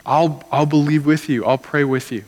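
A man's voice: a little high, steady tone, normal speed, darkish tone, in a large hall. A man pastor preaching a sermon in an earnest, conversational way, acting out the people in his stories.

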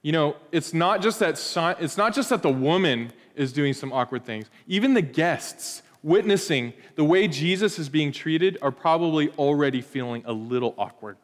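A male pastor in his thirties delivers a sermon in a lively storytelling manner with playful asides. His voice sits a little high for a man. The sound carries a long reverb from a church hall. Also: moderate pace, few pauses.

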